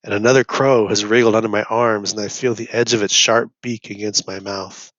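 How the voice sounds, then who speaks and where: A man's voice: fairly low pitch, fairly even intonation, fairly quick, fairly bright tone, no echo. Man reading aloud, dull dry recording. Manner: first-person narration, rising to urgent cries. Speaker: reader. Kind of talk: audiobook reading.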